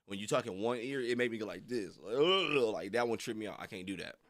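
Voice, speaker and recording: Young man, casual stream chat, rambling and slangy, lowish voice, very lively pitch, dry close sound. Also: fast, no room sound. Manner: rambling, slangy, laughs often. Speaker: reaction streamer.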